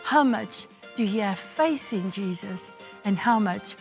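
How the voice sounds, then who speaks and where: A woman's voice: mid-range voice, lively intonation, measured pace, creaky, a little mellow, soft background music. A South African woman pastor giving a devotional sermon, telling a story and acting out the voices in it. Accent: South African English. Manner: storytelling, acts out quoted voices.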